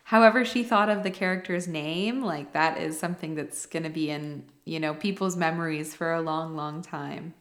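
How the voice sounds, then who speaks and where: A woman's voice: deep voice, normal speed, few pauses. A woman co-hosting a book podcast, chatting with a nostalgic manner and many fillers. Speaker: podcast co-host. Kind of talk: casual book chat.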